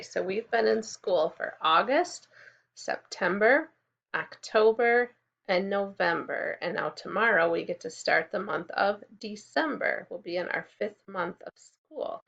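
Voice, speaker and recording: A woman teaching a kindergarten class in a recorded lesson, speaking clearly and encouragingly and prompting the children to repeat after her. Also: mid-range voice, animated, measured pace, a bit bright, muffled recording.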